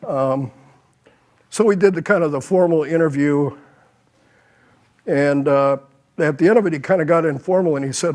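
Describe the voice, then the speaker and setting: A man's voice: on the high side, normal speed, long pauses, darkish tone. Older man telling stories on a panel. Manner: anecdotal, quotes others, chuckles at his own stories. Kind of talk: panel talk, telling anecdotes.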